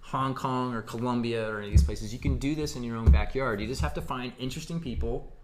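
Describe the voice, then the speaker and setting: A man's voice: medium pitch, quick pace, a little mellow, a little hiss or hum. A man hosting a casual photo critique, talking in a laid-back, rambling, jokey way. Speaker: photography show host.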